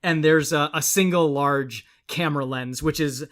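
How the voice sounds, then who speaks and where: A man's voice: on the high side, moderate pace, fairly bright tone. A man narrating a tabletop game as game master, descriptive and laughing often.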